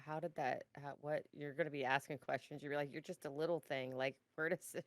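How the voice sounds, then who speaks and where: A woman's voice: deep voice, steady tone, fairly quick, no echo. A woman co-hosting a casual podcast, giggly and teasing. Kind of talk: casual chat.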